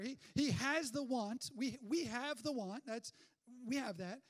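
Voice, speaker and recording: A man with a very high voice preaches to his church. He talks in a conversational, energetic way, firing off rhetorical questions and often restarting his sentences. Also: a little slow. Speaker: pastor. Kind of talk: sermon.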